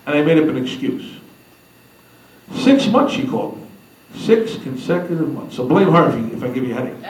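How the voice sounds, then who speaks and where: A man giving a humorous storytelling speech at a convention, animated and acting out the people he quotes. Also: fairly high pitch, normal speed. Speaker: speaker at a convention. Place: large hall. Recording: echoey hall from a distance.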